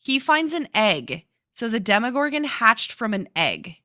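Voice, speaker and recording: A woman co-hosting a podcast, excitedly recapping a TV show in casual chat, swearing and laughing often. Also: on the high side, a little slow, no room sound, studio quality. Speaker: podcast co-host.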